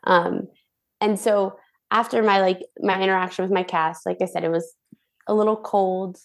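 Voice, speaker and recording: A woman's voice: mid-range voice, moderate pace. Bubbly woman telling a story. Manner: bubbly, animated, acts out quoted voices. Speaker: guest, former cruise ship dancer. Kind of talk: casual storytelling interview.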